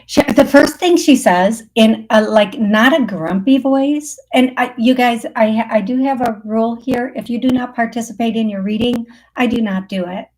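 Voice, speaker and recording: A woman's voice: on the high side, normal speed, hardly any pauses, darkish tone. A woman hosting a live psychic call-in show, chatting through readings with frequent laughs and fillers. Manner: chatty, laughs often, thinks aloud with fillers. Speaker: psychic medium host.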